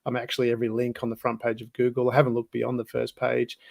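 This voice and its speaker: Gravelly Australian man, flat delivery. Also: medium pitch, fast, no room sound. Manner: chatty, self-promoting, with many fillers. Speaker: guest, business consultant. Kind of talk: podcast interview.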